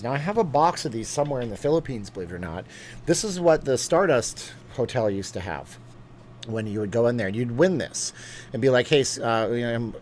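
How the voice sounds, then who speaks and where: A man with a medium-pitched voice hosts a casual live-stream chat, wandering from one topic to another. He's rambling and chatty, tossing in quick asides and laughs, with slight background noise behind him.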